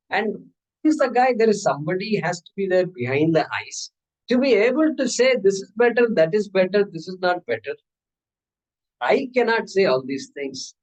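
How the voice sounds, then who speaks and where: A man's voice: sits high, rough recording. A man teaching a scripture class, conversational and playful, asking rhetorical questions and acting out little scenes. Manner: animated, playful, acts out dialogues, asks rhetorical questions.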